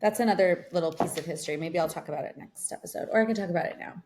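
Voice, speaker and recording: A woman's voice: fairly low pitch, racing, darkish tone, a little hiss or hum. Chatty young woman rambling a story. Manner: rambling storyteller, heavy use of "like". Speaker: podcast co-host. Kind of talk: casual chat. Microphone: remote recording.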